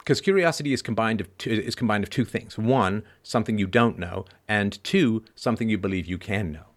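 Low-voiced man giving an emphatic philosophical monologue. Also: a little fast. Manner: discursive, emphatic, constant "right?" tags. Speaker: podcast host.

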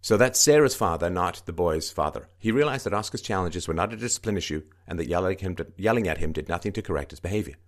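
A man's voice: lively intonation, fast talker, few pauses. A man commenting on a news article he reads aloud, talking in an emphatic, repetitive way. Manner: emphatic, repetitive, swings into mocking higher-pitched quoting.

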